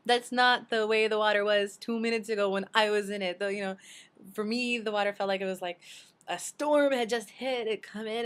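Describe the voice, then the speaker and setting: A woman casually telling her sister a rambling personal story in a video message, full of fillers and restarts, acting out her own quoted lines with big jumps in pitch.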